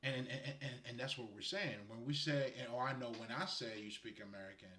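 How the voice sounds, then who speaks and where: With a bright, forceful, medium-pitched voice, a Haitian man talks fairly quickly while offering relaxed spiritual advice. He wanders from point to point and laughs a lot, and the recording carries a roomy echo.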